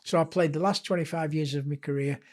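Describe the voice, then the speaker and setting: This older English guest author from Lancashire talks quickly in a fairly high voice during a podcast interview. His anecdotes are lively and chatty, full of self-deprecating humour.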